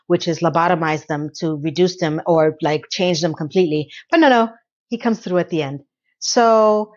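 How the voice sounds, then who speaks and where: A woman giving a casual, opinionated TV recap, chatty and rambling with quick asides, now and then acting out lines from the show. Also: lowish voice, dull audio. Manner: acts out characters' lines in quick quotes. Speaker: TV recap reviewer.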